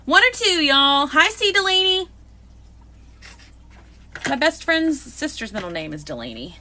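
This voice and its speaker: Bubbly high-pitched woman. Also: measured pace. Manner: excitable, bubbly, greets viewers by name. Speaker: live-stream host. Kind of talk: live unboxing chat with viewers.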